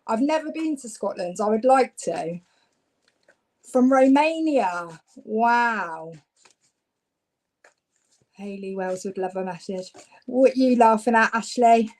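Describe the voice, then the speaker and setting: Speaking slowly and pausing often in a slightly high voice, a Devon woman chats warmly with viewers during live psychic card readings. She grows louder as she gets excited, and the audio is poor.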